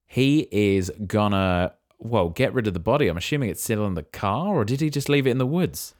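Low-pitched co-host guy riffing goofy plot guesses, laughing a lot. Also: animated, brisk. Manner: speculative, jokey, laughs at his own guesses. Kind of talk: casual chat.

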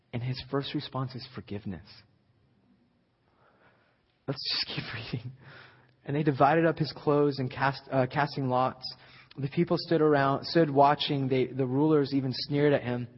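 A man preaching a sermon as a guest speaker, conversational at times and building to loud, emphatic peaks. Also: mid-range voice. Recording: echoey hall, slightly dull sound.

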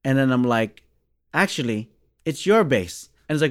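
Australian bass player telling a story. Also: male voice, normal speed, no echo, studio quality. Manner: animated storyteller, acts out quoted dialogue. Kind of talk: casual storytelling interview.

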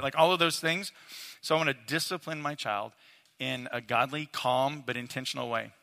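Bright-voiced man preaching in a reverberant hall. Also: on the high side. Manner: earnest, casual, addresses audience directly. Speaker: father teaching a talk on parenting. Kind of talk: conversational sermon-style teaching.

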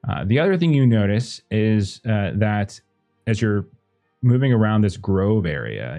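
A man's voice: sits low, warm tone. A man running a tabletop game as game master, narrating loosely with many fillers. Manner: hesitant, lots of kinda and uh.

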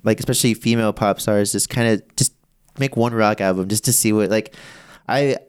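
A young man co-hosting a podcast, talking earnestly in a halting way with many restarts. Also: lowish voice, clean tone. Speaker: podcast co-host. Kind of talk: casual chat.

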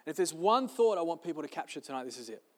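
Pastor, male, high-pitched and emphatic, preaching in a big reverberant hall. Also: very animated, very fast. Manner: emphatic, repeating key phrases. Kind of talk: sermon. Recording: long reverb of a large hall.

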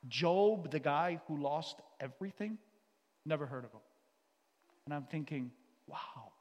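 A man preaching a sermon to a gathered audience, impassioned, swinging between loud outbursts and quiet earnest stretches. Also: a little high, expressive, unhurried. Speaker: teacher and pastor. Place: church or hall. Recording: long reverb of a hall.

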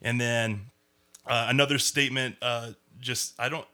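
Bright-voiced man hosting a chat. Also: mid-range voice, steady tone, normal speed. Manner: hesitant, many ums and restarts. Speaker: podcast host. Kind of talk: casual group chat.

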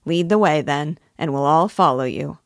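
Woman doing a loud bossy old country squire, patronizing, low and dry. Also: normal speed, no echo. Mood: hearty. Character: hearty older male country squire.

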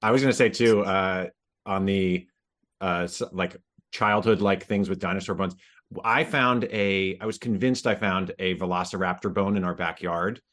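A man's voice: low-pitched, fairly even intonation, normal speed, fairly bright tone. A man co-hosting a podcast who tells childhood stories in a joking, self-deprecating way. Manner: jokey, self-deprecating storyteller. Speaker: podcast co-host. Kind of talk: casual chat.

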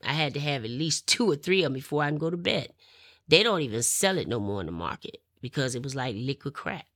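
Low-voiced woman telling her testimony. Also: quick pace, no echo, clean studio sound. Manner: animated, acts out the people in her story. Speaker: interviewee. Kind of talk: personal testimony storytelling.

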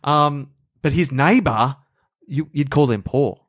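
A man's voice: fairly high pitch, slow pace. A man, co-hosting a podcast and telling a story with playful jokes. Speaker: podcast co-host. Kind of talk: casual chat.

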